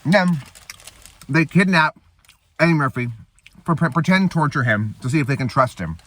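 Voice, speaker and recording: Man, casual movie recap, rambling and sweary, fairly high voice, lively. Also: moderate pace. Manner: rambling, with fillers and profanity. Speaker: host.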